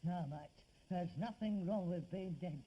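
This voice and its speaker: A man's voice: sits high, unhurried, highs cut off, heavy background noise. An actor playing a frustrated, sardonic middle-aged rag-and-bone man, theatrical and self-pitying in a 1960s sitcom. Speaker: son in a sitcom. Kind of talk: 1960s studio sitcom acting.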